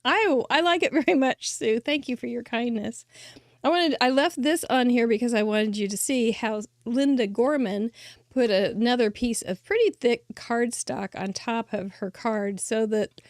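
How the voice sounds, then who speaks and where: A middle-aged woman hosting a craft show, chatting warmly and gushing as she shows cards that viewers sent her. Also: fairly high pitch, unhurried, dry recording, clean studio sound. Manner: chatty, gushing, laughs often. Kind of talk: casual chat showing mailed cards.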